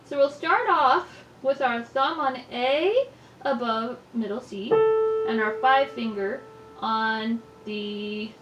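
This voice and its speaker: A woman's voice: fairly high pitch, slow, far from the mic, dull audio. A woman giving a patient, step-by-step piano lesson, naming each finger and note in turn. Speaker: piano teacher. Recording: echoey room, mic set back, loud piano. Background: piano playing.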